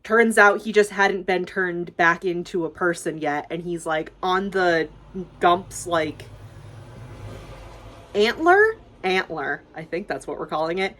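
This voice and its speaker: A woman's voice: lowish voice, steady tone, measured pace, a bit bright. A young woman YouTuber casually recapping a movie, rambling and gushing, swearing freely and filling with "like".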